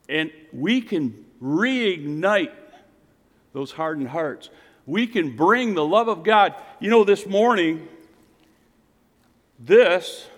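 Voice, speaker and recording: Preaching man in a reverberant hall. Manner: swings between loud emphatic calls and quiet low asides to the congregation. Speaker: pastor. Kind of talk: sermon.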